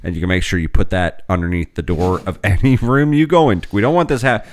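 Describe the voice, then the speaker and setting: Low-voiced joking man, dry sound. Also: quick pace, no room sound. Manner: joking, teasing, profane. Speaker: podcast host. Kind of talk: casual chat.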